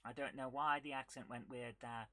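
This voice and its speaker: A woman hosting a casual retro gaming live stream, chatting with viewers and reacting excitedly while she plays. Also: rumbling low, normal speed, no echo. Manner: chatty, reads viewer comments aloud, bursts of excitement while playing.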